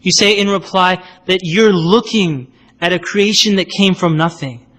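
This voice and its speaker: A man with a notably high voice teaches in a relaxed, conversational lecture style. He explains step by step, often pausing to ask "right?" He slips briefly into other people's voices to act out his examples. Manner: explanatory, asks "right?" often, acts out quotes. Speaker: Islamic lecturer.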